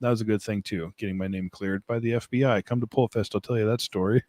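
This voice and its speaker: A man's voice: lowish voice, steady tone, quick pace, a little mellow, dry recording, clean studio sound. A man hosting a casual live stream, rambling, joking at his own expense and laughing often as he answers chat comments. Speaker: livestream host. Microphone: desk mic, streaming setup.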